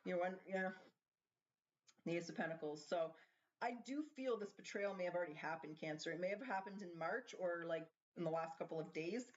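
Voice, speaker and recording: A woman's voice: fairly low pitch, a little fast. A woman doing a casual tarot card reading, chatting and thinking aloud as she asks the cards questions. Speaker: tarot reader. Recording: slightly dull lo-fi sound.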